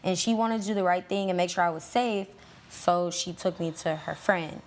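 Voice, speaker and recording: Brief: late-teen girl, lower voice, halting, filler-heavy testimony. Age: late teens. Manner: hesitant, lots of fillers. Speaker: litigant's daughter. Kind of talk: courtroom testimony.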